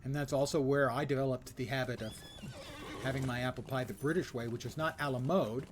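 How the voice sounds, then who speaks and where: An older man streaming a game, chatting casually and rambling with frequent filler pauses. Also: mid-range voice, fairly even intonation, a little hiss or hum. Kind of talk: casual gaming commentary.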